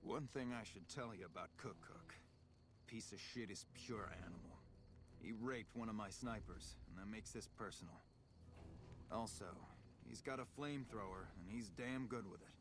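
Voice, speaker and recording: An actor playing a gruff, hard-bitten army officer who talks bluntly and swears freely. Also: male voice, lowish voice, normal speed, background noise, natural voice. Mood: bitter. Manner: blunt, profane, clipped. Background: game music.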